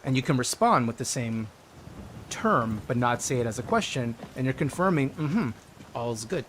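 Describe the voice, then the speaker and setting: A man's voice: mid-range voice, lively intonation, normal speed, fairly bright tone, a little hiss or hum. A man streaming a modded game, chatting casually with viewers and reading their chat messages aloud.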